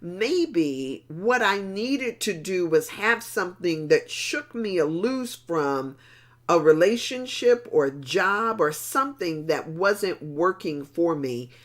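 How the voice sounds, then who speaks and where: A woman's voice: on the low side, expressive, slow pace. A middle-aged woman hosting a motivational talk, telling a story in a conversational way and repeating words for emphasis. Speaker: motivational talk show host.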